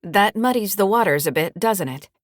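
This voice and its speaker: A woman narrating as a calm, businesslike adult investigator in a brisk manner, recorded dry and close. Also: mid-range voice, dry recording, lightly acted.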